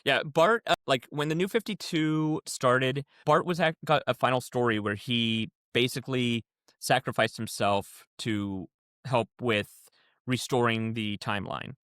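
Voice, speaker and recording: A man's voice: medium pitch, a little slow, fairly bright tone, clear, resonant tone, no echo, studio quality. A man co-hosting a podcast, explaining things in a rambling, casual way. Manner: rambling, explains comic continuity at length. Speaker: podcast co-host. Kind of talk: casual chat.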